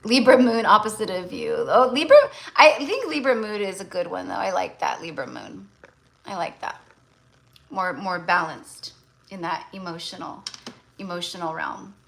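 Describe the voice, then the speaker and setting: A woman's voice: fairly low pitch, lively intonation, moderate pace, vocal fry, fairly bright tone, poor audio. Chatty tarot lady talking to her stream, blunt, lots of likes and you knows. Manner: blunt, chatty, full of fillers. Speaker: tarot reader. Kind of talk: casual livestream chat.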